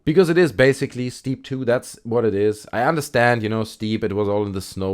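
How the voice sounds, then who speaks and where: A man with a fairly low voice gives his opinions on video games for his channel. He is blunt and sarcastic, and he rants openly about what he dislikes. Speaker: gaming YouTuber. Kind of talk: opinionated video game commentary.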